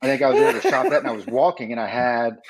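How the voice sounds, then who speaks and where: A man in his forties co-hosting a casual podcast, talking fast and profanely about his army days. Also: mid-range voice. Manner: fast, lively and profane, laughing through stories. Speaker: podcast co-host. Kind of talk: casual chat.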